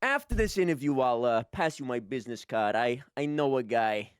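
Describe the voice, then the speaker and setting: A man's voice: mid-range voice, expressive, normal speed, clear, resonant tone, no room sound, clean studio sound. A man improvising as a breezy, teasing job interviewer in a comedic party game. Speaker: game player acting as interviewer. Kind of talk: improvised comedic role-play.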